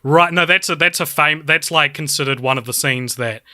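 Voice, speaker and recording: A man co-hosting a podcast in casual film chat, excitable and laughing, with lots of "like" fillers. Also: on the high side, moderate pace, no echo, clean studio sound. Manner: excitable, laughing, heavy use of "like". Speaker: podcast co-host.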